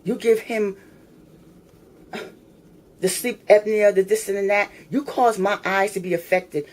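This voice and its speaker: In her apartment, a tenant films a complaint video, ranting angrily straight into her phone camera. Her mid-range voice keeps a fairly even intonation and an unhurried pace, yet she sounds fed up, confrontational and repetitive, swearing as she goes.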